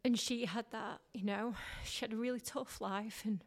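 A woman's voice: a little high, steady tone, normal speed. Northern english woman chatting on a podcast, candid, lots of "like". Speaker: guest, radio broadcaster. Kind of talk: casual interview chat.

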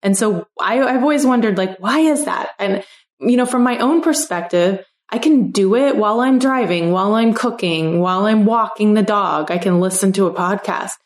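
A reflective woman hosting a podcast interview, musing aloud with plenty of "you know" and "like". Her voice sits at a middle pitch, and her recording carries a noticeable roomy echo. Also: moderate pace. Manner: reflective, thinks aloud with many fillers. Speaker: podcast host. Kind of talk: casual interview chat.

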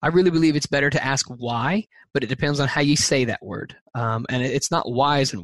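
A man's voice: mid-range voice, fairly quick, few pauses, a bit bright, no echo. Earnest man, thoughtful with many fillers. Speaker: guest, teacher and speaker. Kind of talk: podcast interview answers.

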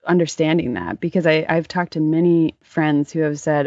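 A woman's voice: deep voice, normal speed, darkish tone, no room sound, lo-fi sound. A woman hosting a podcast, talking earnestly and reflectively in casual chat. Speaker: podcast host.

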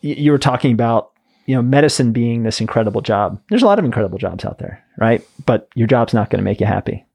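A man's voice: mid-range voice, expressive, quick pace, vocal fry, darkish tone, breathy edge. Male podcast host, casual and loose, mid-range voice. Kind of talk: podcast conversation.

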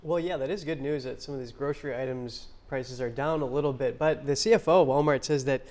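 A man anchoring a morning news show, chatting briskly with guests and his co-host. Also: medium pitch, darkish tone. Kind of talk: live news desk chat.

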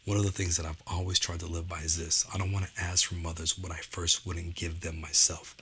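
A man's voice: sits low, little pitch movement, brisk, sharp tone, breathy edge. A man speaking as an educator and father to parents and teachers, conversational, often checking in with "you know" and "okay?". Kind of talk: motivational talk to parents and teachers.

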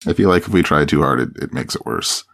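A man in his thirties who co-hosts a podcast and offers dry, reflective takes. His voice is very deep, with plenty of gravelly fry. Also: animated, fast talker, a bit bright. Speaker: podcast co-host. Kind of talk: casual chat.

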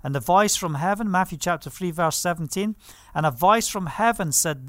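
High-voiced emphatic male preacher. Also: lively intonation, moderate pace, no echo. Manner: emphatic, punctuates with hallelujah. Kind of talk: sermon.

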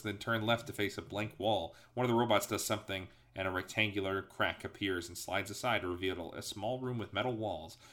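A man's voice: lowish voice, fairly bright tone. A man hosting a podcast, reading a gamebook aloud as game master with laid-back, wry banter.

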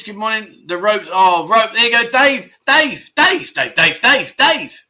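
A man in his 50s, speaking in a high, bright and forceful voice, hosts a relaxed livestream chat show from Pattaya. He reads out viewer comments and rambles chattily, correcting himself and using many fillers.

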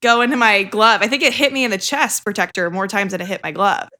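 A woman's voice: mid-range voice, fast talker, bright, forceful tone. A woman hosting a casual chat, answering with laughs and upbeat remarks. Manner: reacts with laughs and upbeat comments.

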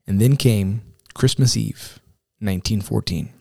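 A man serving as camp director, giving a devotional talk as an earnest story with dramatic pauses and weighty readings of scripture. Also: fairly low pitch, creaky, mellow, no room sound, studio quality. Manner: reads quotes and scripture with weight.

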